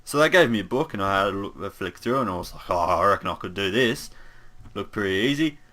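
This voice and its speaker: A man's voice: fairly low pitch, animated, quick pace, pushed and bright. A man voicing a bumbling, easygoing young human paladin in an in-character monologue, rambling with lots of fillers and asides.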